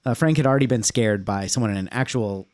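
A man's voice: fairly low pitch, quick pace, darkish tone, no echo. A man co-hosting a podcast, talking casually about a movie and swearing offhandedly. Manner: laid-back, swears casually. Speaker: podcast co-host.

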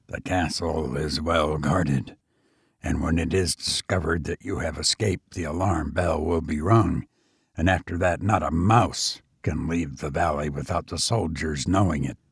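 A man reading aloud and voicing a cautious, crafty male castle jailer who speaks in a quiet, measured way. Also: very deep voice, husky, no echo, studio quality, pitched below the performer's own voice, exaggerated voice. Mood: sly.

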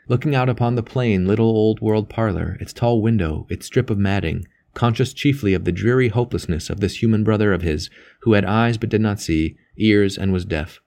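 Brief: male audiobook narrator, low-pitched, measured delivery. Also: vocal fry, darkish tone. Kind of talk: audiobook reading.

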